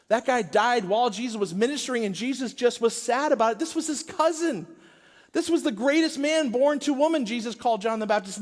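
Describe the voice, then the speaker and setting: Middle-aged male pastor, chatty storytelling sermon delivery, higher register, recorded with a long hall tail. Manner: conversational storytelling preacher. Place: church sanctuary.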